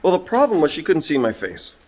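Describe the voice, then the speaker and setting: A middle-aged man telling a story and reflecting on it in a casual monologue, with lots of fillers and throat-clearing. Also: fairly high pitch, huge pitch swings, fast talker, a little mellow, slight background noise. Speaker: vlogger and job-site supervisor.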